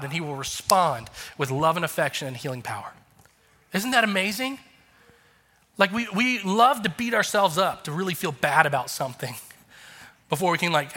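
Pastor, male, 30s, earnest conversational sermon, higher bright voice, echoing church hall. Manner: earnest, conversational, emphatic preaching.

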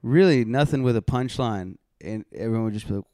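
Smooth-voiced laughing young man swearing. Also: medium pitch, fairly quick, dark tone, no room sound, clean studio sound. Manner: crude, laughing storyteller. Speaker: podcast co-host. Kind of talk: casual chat.

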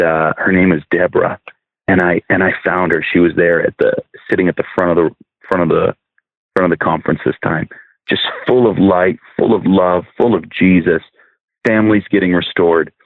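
A man's voice: low-pitched, steady tone, moderate pace, dry recording. A man, a minister, earnestly telling a testimony as a podcast guest, often restarting and repeating words. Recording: dry, phone-like narrow sound.

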